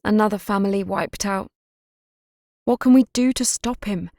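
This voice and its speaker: A woman's voice: medium pitch, moderate pace, a little mellow, dry recording, studio quality, voice pushed up, close to an everyday voice. A woman voicing a frustrated young female detective who speaks in raised, tense questions in an audiobook. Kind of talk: audiobook character reading.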